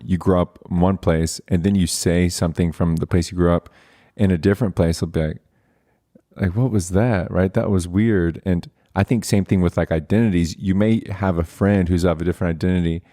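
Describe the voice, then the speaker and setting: Deep-voiced relaxed male podcast host. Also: moderate pace. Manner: relaxed, chatty, laughs easily. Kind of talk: casual conversation.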